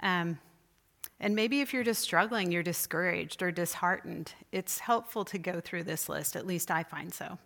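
Speaking at normal speed in a lowish, gravelly, fairly bright voice, a woman presents a church lecture on spiritual disciplines. She keeps it conversational by asking her listeners questions.

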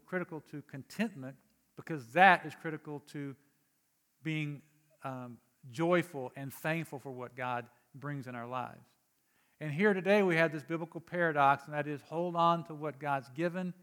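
A man delivers a sermon to his congregation in a fairly high voice. He talks in a conversational way, dropping quiet for explanation and rising for emphatic urging. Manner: conversational preaching, swings from soft to emphatic. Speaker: pastor.

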